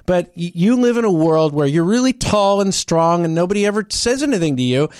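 A man's voice: high-pitched, lively intonation, a little fast, a little mellow, no room sound, clean studio sound. A man telling a story in casual chat, acting out both sides of an argument with many restarts.

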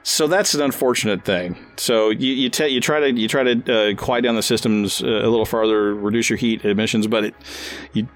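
A man narrating as game master of a tabletop role-playing game, talking haltingly with many fillers and restarts. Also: lowish voice, steady tone.

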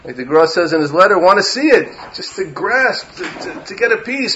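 A man's voice: high voice, very animated, normal speed, hardly any pauses, sharp tone, highs cut off. A man, a rabbi, giving an impassioned Torah lecture that mixes in Hebrew terms and rises to emphatic peaks.

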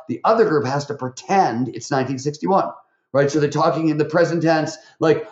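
A man's voice: fairly high pitch, sing-song, moderate pace. Chatty man telling stories in a roomy recording. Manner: chatty, many fillers and restarts, voice jumps up for quotes. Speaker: podcast guest, author. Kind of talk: animated interview storytelling. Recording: roomy, slightly dull recording.

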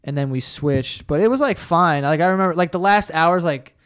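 A man chatting casually, excitable and swearing, often acting out what others said. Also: on the high side, a little fast, smooth. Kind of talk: casual chat.

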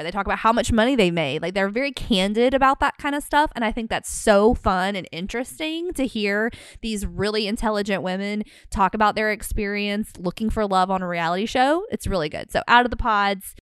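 Candid, animated woman podcast co-host. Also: medium pitch, clear, resonant tone, dry recording, clean studio sound. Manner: candid, animated, acts out quoted reactions. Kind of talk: casual chat. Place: podcast studio.

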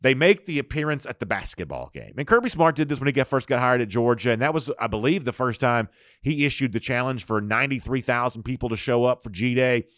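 Male sports host, animated, chatty, dry close studio sound. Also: mid-range voice, fast talker, dry recording. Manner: animated, conversational, mocking. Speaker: sports talk show host. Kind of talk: casual sports talk commentary.

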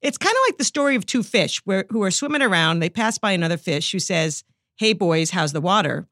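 Animated New York woman telling stories. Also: medium pitch, fast talker, dry recording, clean studio sound. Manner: animated storyteller, laughs easily. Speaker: guest, psychology professor. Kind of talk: conversational interview answers.

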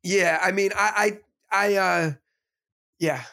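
A man with a high voice and a gravelly edge tells a story in casual podcast chat. He rambles excitedly and keeps restarting his sentences, with plenty of fry on his words. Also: takes it slowly. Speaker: podcast co-host, teacher.

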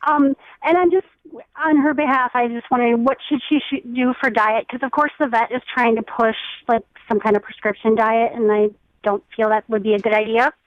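A woman's voice: fairly high pitch, steady tone, fairly quick, dry recording. A woman caller, asking a question hesitantly with many ums over a phone line. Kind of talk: phone call to a radio show.

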